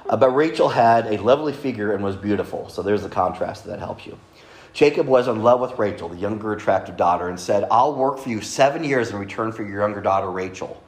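A man's voice: lowish voice, a little fast. A man preaching a sermon at a microphone in a conversational way, with joking asides. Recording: echoey room.

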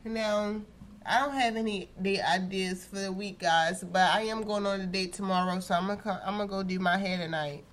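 A woman's voice: medium pitch, steady tone, brisk. A woman co-hosting a casual podcast chat, talking bluntly and emphatically with lots of profanity. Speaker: podcast co-host.

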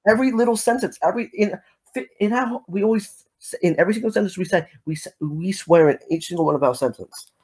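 Swearing Australian man, raised pitch. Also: fast, darkish tone, husky. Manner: rambling, swears in nearly every sentence. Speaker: debater. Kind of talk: casual online voice-chat debate.

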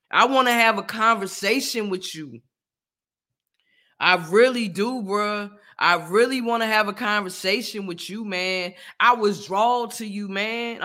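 A young man speaks in a high, bright, ringing voice on a casual live stream. He talks earnestly to his viewers, repeats himself for emphasis, and leans on slang. His delivery keeps building toward loud hype shouts. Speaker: motivational vlogger.

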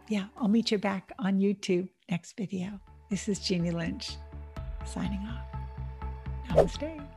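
A woman's voice: medium pitch, vocal fry, darkish tone. A woman vlogger talking earnestly and emotionally to her viewers about compassion, getting teary as she speaks. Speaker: vlogger host. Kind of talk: heartfelt personal talk to camera.

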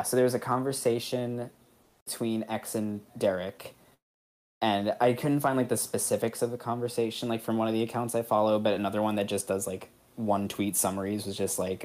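A man's voice: on the low side, darkish tone. A man co-hosting a casual reality-TV chat, rambling with many fillers and frequent laughs. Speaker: podcast co-host.

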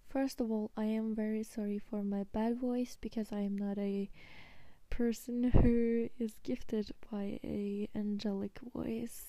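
A woman's voice: fairly high pitch, flat delivery, measured pace, warm tone, no room sound. A woman hosting her own podcast in English, which is not her first language; she talks in a hesitant, apologetic way and often slips into a whisper. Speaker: podcast host. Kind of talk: soft-spoken solo podcast monologue.

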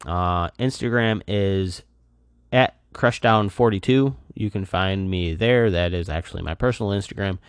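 A tired man hosts a casual solo podcast, rambling loosely in a deep, low voice and leaning on fillers as he goes. He sounds worn out. The recording is dry and close, with no echo. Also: moderate pace, clean tone. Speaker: podcast host. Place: apartment.

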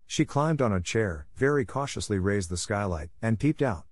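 A man reading a classic storybook aloud in a calm, measured manner. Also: on the low side, no room sound, studio quality. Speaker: narrator. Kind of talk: storybook narration.

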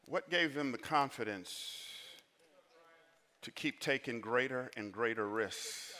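Impassioned male pastor, repetitive altar call. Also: medium pitch. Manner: impassioned, repeats phrases over and over; stumbling restarts. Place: church sanctuary. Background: soft instrumental music.

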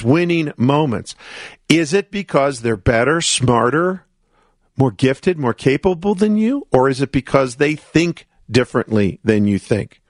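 A man's voice: medium pitch, no echo, clean studio sound. A man who hosts a motivational coaching radio show. He talks emphatically and asks rhetorical questions, and he acts out his clients' doubts.

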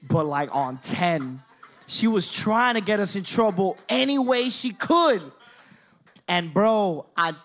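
A man in his twenties doing stand-up, telling a profane, animated story and talking straight to the crowd. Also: a little high. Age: 20s. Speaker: stand-up comedian.

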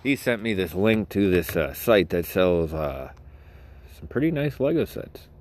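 A middle-aged man with a very low voice rambles through a solo podcast. He is crude and sarcastic and laughs at his own jokes. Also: very animated, unhurried, noisy background. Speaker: podcast host.

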